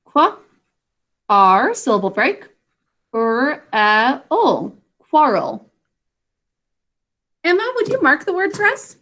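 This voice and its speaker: A woman teaching an online spelling lesson to children, speaking slowly and clearly. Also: high-pitched, big pitch swings, pushed and bright. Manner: slow, clear enunciation for children.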